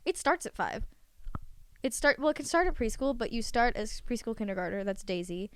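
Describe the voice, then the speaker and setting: A teenage girl appears as a guest on a podcast, chatting casually and rambling through long explanations full of fillers until she runs short of breath. Her fairly high voice is expressive, fairly quick and smooth, with no echo.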